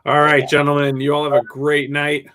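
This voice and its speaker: A man's voice: on the high side, monotone, normal speed, a bit bright. Man hosting a live stream. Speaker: host. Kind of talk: casual chat.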